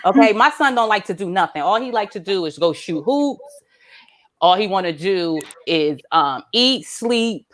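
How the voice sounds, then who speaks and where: Animated woman comedian. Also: moderate pace. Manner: animated, swinging between low mutters and high exclaims. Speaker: stand-up comedian. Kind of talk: stand-up comedy set.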